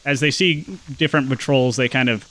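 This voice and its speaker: A man's voice: mid-range voice, fairly even intonation, brisk, fairly bright tone, rough recording. A man running a tabletop game as game master. He narrates casually, with loose phrasing and restarts.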